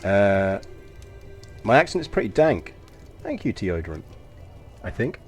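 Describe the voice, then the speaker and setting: A man with a softened London accent and a slight New York touch, chatting casually and swearing at the game as he thinks aloud while streaming. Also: fairly low pitch, very animated, unhurried, faint music behind.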